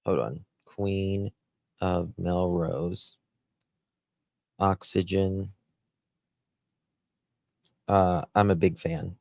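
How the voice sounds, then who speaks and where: A man's voice: low-pitched, steady tone, extremely slow, vocal fry, pauses often, a little mellow, no room sound. A man hosting a live true-crime stream, chatty and exclamatory, thinking aloud as he goes.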